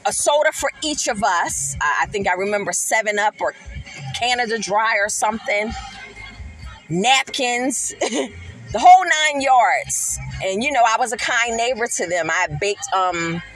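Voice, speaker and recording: A middle-aged woman hosting a podcast, earnestly telling a personal faith testimony in an animated, emphatic storytelling manner. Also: fairly high pitch, unhurried, faint music behind, low-quality recording. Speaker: podcast host.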